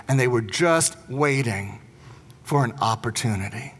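Storytelling pastor, echoing hall. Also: male voice, mid-range voice, unhurried, breathy edge. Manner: storytelling, acts out quotes. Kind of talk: sermon. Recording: long hall reverb.

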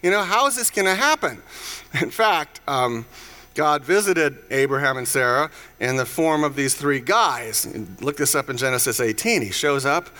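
Male pastor, slightly high, bright voice; chatty sermon storyteller who acts out quotes. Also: animated, normal speed. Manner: conversational storytelling with playful voiced asides. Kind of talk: casual sermon.

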